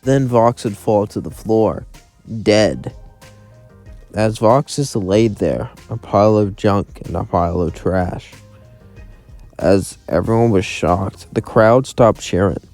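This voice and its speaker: Brief: low-voiced young male storyteller, chatty, faint music bed. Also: slow pace, darkish tone. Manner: rambling, chatty asides. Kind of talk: casual what-if story narration.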